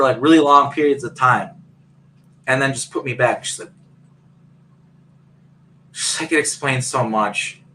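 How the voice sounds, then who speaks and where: A man's voice: fairly high pitch, bright, forceful tone, a little hiss or hum, low-quality recording. A man on a video call telling a long personal story in a rambling way, full of fillers and restarts. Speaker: guest.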